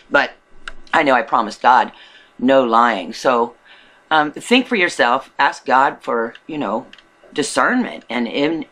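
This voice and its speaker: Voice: medium pitch, pushed and bright, poor audio. A video blogger talking to the camera in a rambling, earnest way, full of restarts, from a rural home. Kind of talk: casual monologue to camera.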